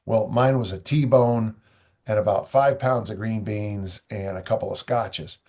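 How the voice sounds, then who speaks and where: Gravelly, husky man telling stories. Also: lowish voice, fairly even intonation, measured pace, darkish tone. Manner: rambling storyteller with dry humor. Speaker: strength coach guest. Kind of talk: conversational interview.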